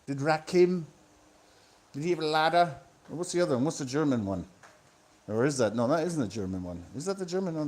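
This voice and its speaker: A man in a profane, sardonic, rambling comic monologue that swings between loud outbursts and low mutters. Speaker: vlogger. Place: room indoors with electric fans.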